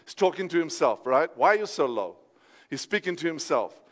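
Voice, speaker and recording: A man preaching a sermon as pastor, exhorting his listeners and rising to shouted declarations. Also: fairly high pitch, sing-song, brisk, big-room sound. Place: church sanctuary.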